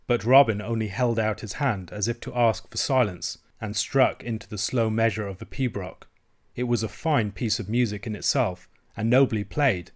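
A man narrating a classic novel as an audiobook reader, with steady, measured reading. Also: lowish voice. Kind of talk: scripted narration.

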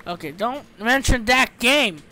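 A young man yelling through game commentary. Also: very high voice, measured pace. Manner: excitable, swears, yells when startled. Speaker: let's play host. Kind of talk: Minecraft gameplay commentary.

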